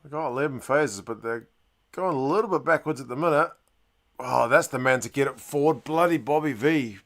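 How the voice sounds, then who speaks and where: A man hosting a live rugby watch-along, giving chatty play-by-play that bursts into loud, excited shouts and mild swearing. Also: mid-range voice, fairly quick. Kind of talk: live sports reaction commentary.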